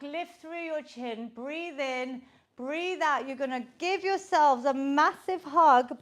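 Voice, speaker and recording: Woman, fitness instructor, upbeat encouraging coaching, high voice, slow steady delivery. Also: low-quality recording. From United Kingdom. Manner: upbeat, encouraging coaching, counts reps aloud. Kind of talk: guided home workout class.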